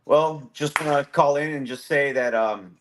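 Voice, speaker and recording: A man in his forties from Southern California, calling in to a livestream show and talking in a friendly, halting way full of fillers. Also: a little high, background noise. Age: 40s. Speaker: caller. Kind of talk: call-in conversation.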